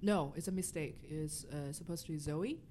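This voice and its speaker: A woman's voice: low-pitched, moderate pace, warm tone. A young woman from China with a Chinese accent, chatting casually on a podcast, blunt and self-mocking, swearing freely. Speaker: podcast guest.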